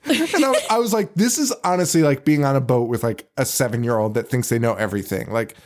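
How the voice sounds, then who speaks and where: Talking fast at a medium pitch, a thirty-something podcast host animatedly discusses a film, laughing a lot and performing lines from it.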